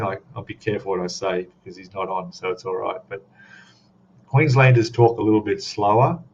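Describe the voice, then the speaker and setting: Lowish and a little mellow, this Australian-accented man rambles casually as host of a scale model stream, reading viewers' comments aloud. The recording is dull, lo-fi stream audio carrying faint noise.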